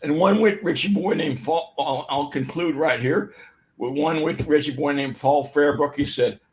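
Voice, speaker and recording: Older man telling war stories, slightly high. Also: moderate pace, low-quality recording. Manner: storytelling, rambling with fillers and restarts. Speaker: speaker giving a history talk. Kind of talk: informal history talk.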